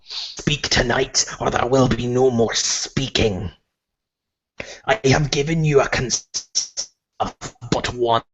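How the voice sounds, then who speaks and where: Player doing a gruff werewolf elder, slow and husky, muffled lo-fi sound. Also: male voice, medium pitch, a bit bright. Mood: menacing. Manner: gruff put-on accent, threatening. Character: stern, menacing male werewolf elder. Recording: muffled lo-fi recording.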